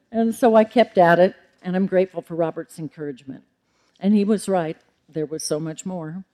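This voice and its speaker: Giving a measured, formal lecture to the public, a middle-aged librarian occasionally ums and corrects herself. She speaks with a fairly low pitch and a dark tone.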